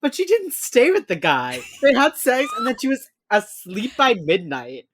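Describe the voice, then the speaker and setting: A chatty podcast co-host recapping a TV episode. The voice sits at a middling pitch but swings widely as the characters' lines are acted out. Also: moderate pace, noisy background. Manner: animated storyteller who acts out the characters' lines. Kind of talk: casual chat recapping an episode.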